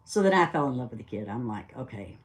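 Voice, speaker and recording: A woman's voice: very deep voice, big pitch swings, quick pace. An older woman recounts a memory in plain, everyday speech. She rambles a little and keeps things casual and conversational. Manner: chatty, rambling, acts out dialogue. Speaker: storyteller. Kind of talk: casual spoken storytelling.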